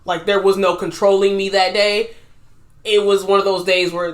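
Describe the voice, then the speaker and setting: A woman's voice: medium pitch, moderate pace, reverberant. A woman co-hosting a podcast in casual chat, blunt and emphatic. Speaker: podcast co-host.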